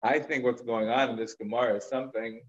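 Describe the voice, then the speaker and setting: A man's voice: medium pitch, steady tone, fast talker, muffled recording. A man teaching a Talmud lecture, retelling a story in a conversational way with casual fillers and asides. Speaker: rabbi teaching.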